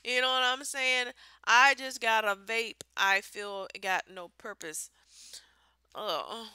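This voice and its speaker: A woman's voice: on the high side, slow pace, sharp tone, smooth, dry recording. Blunt, swearing woman ranting on a vlog. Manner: blunt, exasperated, swears freely. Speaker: vlogger.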